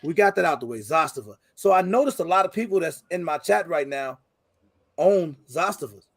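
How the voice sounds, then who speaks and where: A man's voice: high voice, animated, a little fast, vocal fry, no room sound, clean studio sound. A man hosting a casual livestream chat, laid-back and joking, full of slang. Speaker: podcast host.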